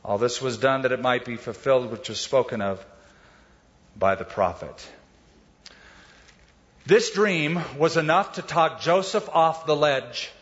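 A middle-aged male pastor giving a sermon, telling stories in a conversational way and speeding up and slowing down as he goes. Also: on the high side, fairly bright tone. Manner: conversational storytelling, varies pace. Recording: dull sound with long hall reverb.

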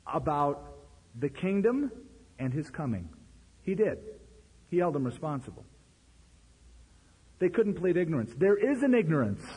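Husky, animated preacher man. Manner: animated, conversational preaching with sudden pitch jumps. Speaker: pastor. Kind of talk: sermon. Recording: long hall reverb.

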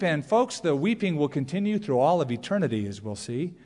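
A man preaching a sermon as a pastor, emphatic and rising to high cries on key words. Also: big pitch swings, fairly quick, mellow. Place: church sanctuary. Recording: long reverb of a large hall.

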